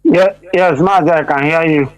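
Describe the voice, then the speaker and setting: A man calling in over WhatsApp, speaking hesitantly with fillers. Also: fairly high pitch. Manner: hesitant, halting. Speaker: caller. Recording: dull WhatsApp call audio.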